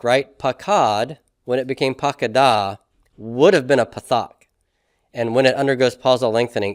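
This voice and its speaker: A man's voice: medium pitch, no room sound, studio quality. A man teaching a classroom lesson on grammar, explaining step by step and often checking in with "okay?" and "right?". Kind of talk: classroom lecture.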